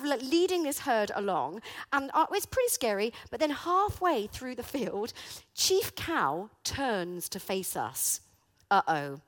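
A middle-aged woman telling a comic story with dramatic flair, then drawing a reflective lesson from it. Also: high voice. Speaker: speaker. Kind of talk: animated storytelling with a reflective moral.

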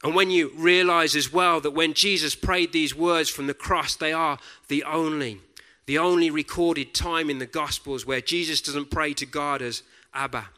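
A man preaching a sermon in a deliberate, reflective way, often dropping to a soft hush on key words. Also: on the high side, steady tone.

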